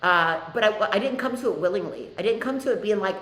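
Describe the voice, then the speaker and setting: A woman's voice: mid-range voice, expressive, quick pace, few pauses, a bit bright, echoey room, poor audio. A woman spiritual teacher hosting an online class, talking in a candid, chatty way. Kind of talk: casual live class talk.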